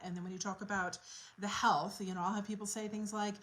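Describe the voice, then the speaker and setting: A woman coach speaks straight to camera in a casual, unscripted way. She sounds earnest and reflective, working her thoughts out as she goes. Her pitch sits in an ordinary middle range. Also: steady tone, fast, fairly bright tone, low-quality recording. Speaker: quit-smoking coach.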